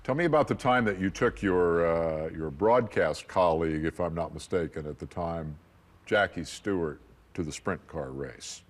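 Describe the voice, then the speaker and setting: Deep-voiced male talk show host. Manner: measured, prompting questions. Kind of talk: studio interview.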